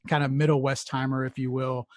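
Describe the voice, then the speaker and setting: Casual male podcast co-host, from Houston, rambling and swearing through stories, mid pitch, dry close mic. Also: little pitch movement, brisk, dry recording. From Houston area. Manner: rambling, profane storytelling with laughs.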